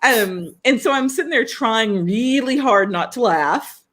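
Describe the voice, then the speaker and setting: In an unhurried, slightly high voice, a woman shares a story on the podcast she co-hosts. She chats casually and animatedly, laughing often and voicing the lines of the people involved.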